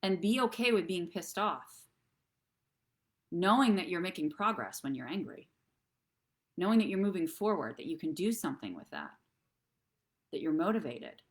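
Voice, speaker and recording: Female host with a low voice, earnest and encouraging, speaks to camera for a live online show. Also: sing-song, moderate pace, long pauses. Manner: earnest, encouraging, addresses viewers directly. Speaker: host and therapist.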